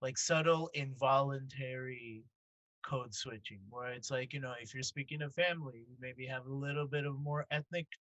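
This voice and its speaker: A man's voice: medium pitch, moderate pace, a bit bright, no echo, highs cut off. A man in his thirties from New York hosting a podcast, asking curious questions and laughing easily. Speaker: podcast host. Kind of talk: casual interview chat.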